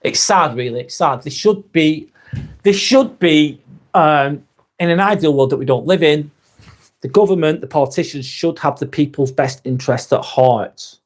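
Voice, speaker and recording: Hosting a laid-back live stream, this Lancashire-accented man from England's northwest speaks at a normal pace in a voice that's a little high. He's frank and straightforward, drops the odd swear word, and reads viewer comments aloud.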